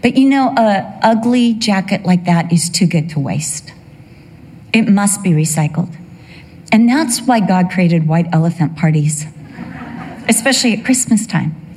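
A woman's voice: fairly low pitch, animated, measured pace, darkish tone, a little hiss or hum. An older woman telling a humorous personal story that turns into a sermon, acting out the voices she quotes. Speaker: speaker giving a testimony.

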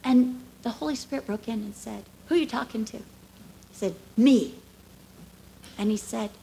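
Woman preaching, expressive and emphatic. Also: sits high, creaky, slight background noise. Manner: expressive, acts out dialogue, drops to hushed asides. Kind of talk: sermon.

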